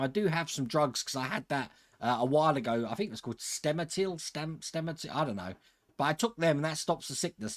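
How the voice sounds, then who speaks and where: A man hosting a live stream, chatting casually with viewers and chuckling often. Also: fairly high pitch. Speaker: host of a model-building channel.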